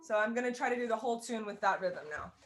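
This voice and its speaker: Loud music plays beneath a woman's slightly high, expressive voice as she teaches a fiddle class over video call. She talks fast and informally, repeatedly backing up to rephrase her points.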